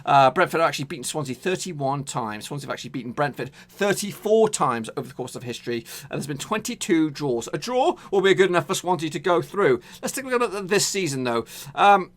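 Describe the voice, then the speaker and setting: A man's voice: fairly high pitch, lively intonation, fairly quick, fairly bright tone. A man hosting a casual football predictions show, chatty and rambling with many fillers and restarts. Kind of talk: casual football betting preview.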